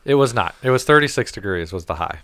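A man spins a rambling, profane story in a casual chat, slipping into quoted voices along the way. His voice is smooth and resonant, and the sound is dry and close with no room to it. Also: on the low side, animated, fast, fairly bright tone, no room sound.

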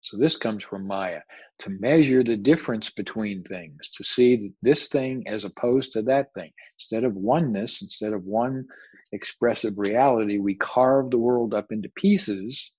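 A man teaching a spiritual lecture in a husky, mid-pitched voice, reflective and often circling back over his words. The sound is dry, with no room echo. The recording is slightly dull and lo-fi. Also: a little slow, a little mellow. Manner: reflective, searching for words, repeats phrases.

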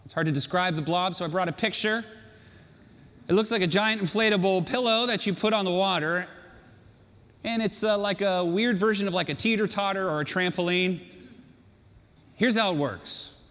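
A male pastor preaching a sermon, telling a story in an animated, self-mocking way. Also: high-pitched, moderate pace, pauses often. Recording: long hall reverb.

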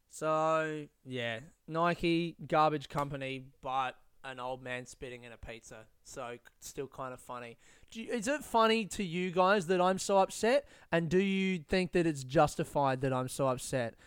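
A man with a fairly high, smooth voice hosts a solo podcast. He rants in a rambling, profane way and keeps restarting his sentences. The sound is close and dry. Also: measured pace, fairly bright tone, dry recording. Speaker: podcast host. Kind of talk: casual solo podcast rant.

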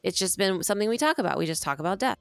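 A woman's voice: medium pitch, animated, very fast, creaky, dry recording, soft background music. A woman co-hosting a casual podcast, talking in an agreeable, affirming way.

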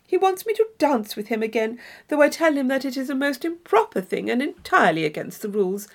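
A woman's voice: high-pitched, big pitch swings, fairly quick, pitched above the performer's own voice, exaggerated voice. Isabella, a woman voicing a gushing young lady. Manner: effusive, theatrical exclamations.

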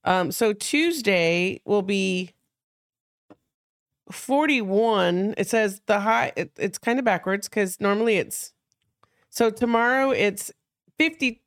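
A woman's voice: mid-range voice, slow, dry recording, studio quality. A middle-aged woman co-hosting a comedy podcast, speaking bluntly and animatedly, with frequent swearing. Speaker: podcast co-host. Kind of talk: casual comedy podcast chat.

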